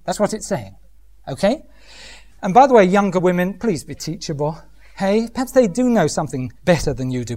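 Lively male preacher. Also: sits high, fairly quick. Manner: lively, humorous, mimics voices. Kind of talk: sermon.

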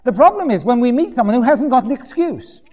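Animated preacher man in a hall. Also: very high-pitched, fairly quick. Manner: animated, acts out quoted voices with dry humour. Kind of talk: sermon. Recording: long hall reverb.

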